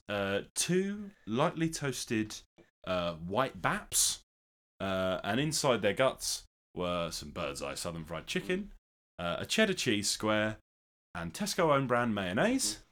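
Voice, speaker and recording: Young male comedy-podcast host, lively pitch, playful self-mocking chat. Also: takes it slowly. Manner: playful, jokey, self-deprecating. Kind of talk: casual chat.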